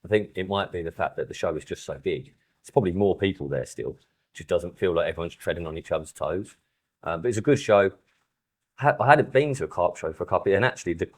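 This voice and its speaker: A man, chatting casually on a podcast and acting out stories with lively retellings. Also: low voice. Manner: animated storyteller who acts out quoted exchanges. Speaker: podcast host. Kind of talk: casual chat.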